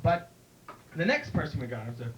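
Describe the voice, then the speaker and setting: Rambling high-voiced man doing stand-up. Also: a little fast, recorded from a distance, lo-fi sound. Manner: rambling, jumps into high excited voices for punchlines. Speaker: stand-up comedian and emcee. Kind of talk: stand-up comedy. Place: comedy club stage.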